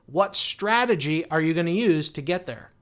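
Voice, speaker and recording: Upbeat high-voiced man coaching. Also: animated, moderate pace. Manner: upbeat, motivational, many rhetorical questions and fillers. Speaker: online marketing coach. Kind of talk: direct-to-camera business advice.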